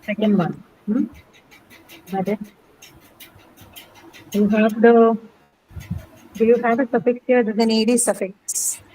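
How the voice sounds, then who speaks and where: A woman's voice: a little high, fairly even intonation, slow pace, pauses often, dark tone, breathy edge, low-quality recording. A woman teaching an English class, patiently repeating words and quizzing students on word stress. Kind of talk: classroom lesson.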